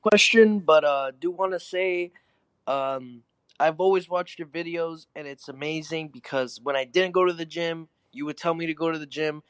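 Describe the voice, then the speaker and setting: A man calling in to a show, thanking the host with excited, swearing enthusiasm. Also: fairly high pitch, normal speed, clean tone, dry recording. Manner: gushing, profane enthusiasm. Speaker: caller.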